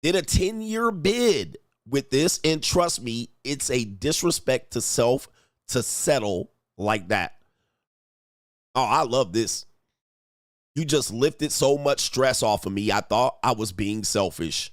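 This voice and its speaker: A man's voice: medium pitch, expressive, takes it slowly, no room sound, studio quality. A man giving casual relationship-coach commentary on online comments, blunt and profane, mimicking the men he quotes.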